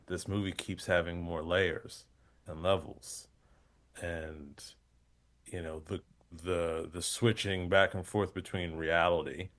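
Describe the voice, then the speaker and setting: Deep-voiced male comedian guest. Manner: rambling, animated storytelling with many fillers. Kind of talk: casual chat.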